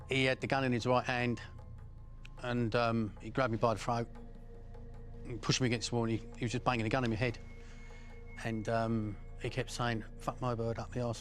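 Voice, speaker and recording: Guy, middle-aged ex-criminal, blunt and sweary, lots of ums and pauses. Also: medium pitch. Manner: blunt, profane storytelling with frequent pauses and fillers. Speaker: former criminal interviewee. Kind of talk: first-person recollection.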